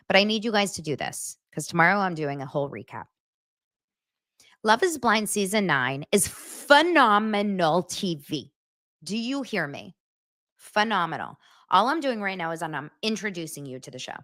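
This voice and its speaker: Woman host, sarcastic pop culture recap, very lively pitch, loud jabs and muttered asides. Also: normal speed. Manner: sarcastic, animated, swinging between loud bursts and muttered asides. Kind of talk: casual commentary recap.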